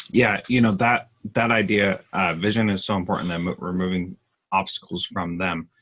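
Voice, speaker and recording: Husky low-voiced man cohosting a live Q&A. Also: little pitch movement, normal speed, fairly bright tone. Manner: earnest, emphatic, restarts often. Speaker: podcast host. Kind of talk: live Q&A conversation.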